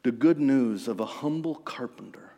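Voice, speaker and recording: Male pastor, mid-pitched, dynamic sermon delivery, long hall reverb. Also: moderate pace. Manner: dynamic, swings from hushed storytelling to forceful emphasis.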